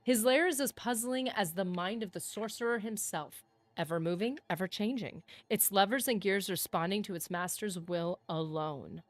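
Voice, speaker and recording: Picture a scornful ancient goddess queen from a fantasy game, as a woman reads her lines aloud. The reading is measured and solemn in a middle pitch. The sound is close and dry, with no room around it. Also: dry recording, close to an everyday voice.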